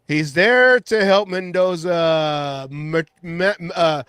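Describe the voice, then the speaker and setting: Giggly high-voiced man in his forties. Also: lively intonation, measured pace, fairly bright tone, clear, resonant tone, dry recording, studio quality. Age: 40s. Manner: giggly, stumbles over words. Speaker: podcast host. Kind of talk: casual sports chat.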